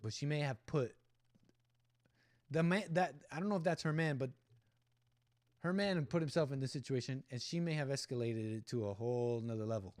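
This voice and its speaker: A man's voice: mid-range voice, moderate pace, long pauses, darkish tone. Opinionated man commenting on a clip. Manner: rambling, opinionated, talks back at the clip. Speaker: livestream host. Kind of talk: live commentary on a video clip.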